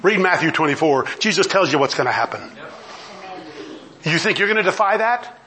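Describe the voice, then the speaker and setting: A man's voice: high-pitched, lively intonation, fairly quick, pushed and bright. A middle-aged man preaching a sermon, emphatic, firing off mocking rhetorical questions and laughing often. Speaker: pastor.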